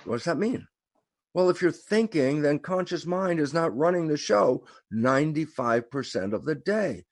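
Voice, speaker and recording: A man talking as a guest, telling a story in an animated way and acting out the quoted lines. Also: a little high, normal speed, no room sound. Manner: animated, acts out quoted dialogue. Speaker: guest speaker. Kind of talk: storytelling conversation.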